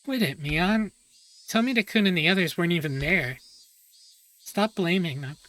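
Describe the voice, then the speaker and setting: A woman voicing a level-headed teenage boy who calms his friends down. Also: on the low side, normal speed, slight background noise.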